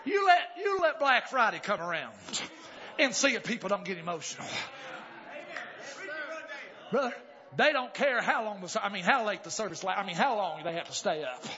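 A high, cutting male voice preaching, leaping between easy, joking asides and sudden hollered cries. The pitch swoops widely as he drives his sermon home. It comes through a dull, lo-fi recording with a faint congregation behind him. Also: moderate pace, long pauses, a faint crowd. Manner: swings from calm talk to hollered exclamations, folksy humor.

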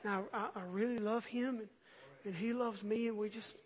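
A man preaching a sermon, moving from quiet scripture reading to earnest, impassioned appeals. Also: sits high, steady tone, a little fast. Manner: earnest, swells from soft reading to impassioned near-shouting. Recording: dull lo-fi recording.

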